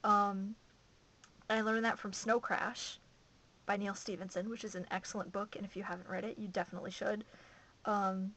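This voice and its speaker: A woman's voice: medium pitch, little pitch movement, normal speed, fairly bright tone, slight background noise, rough recording. A young woman from Massachusetts vlogging casually to camera, rambling and chatty, with lots of "uh"s.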